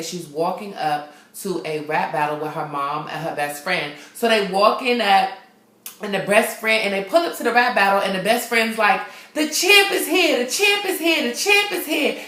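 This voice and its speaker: A woman's voice: medium pitch, a bit bright. A woman vlogger recapping a film in casual, slangy, profane storytelling. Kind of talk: casual chat. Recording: echoey room.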